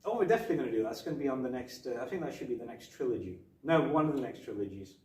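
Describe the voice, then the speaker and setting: A man co-hosting a casual film review podcast, retelling scenes in an animated way and acting out the quotes. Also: mid-range voice, racing. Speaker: podcast co-host. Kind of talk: casual movie review chat. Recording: roomy echo, far from mic.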